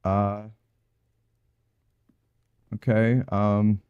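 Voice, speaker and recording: A gaming streamer mutters anxiously to himself during let's play commentary, thinking aloud as he plans his moves. His voice is lowish and smooth, with little pitch movement and drawn-out words. The recording is dry, with the highs cut off.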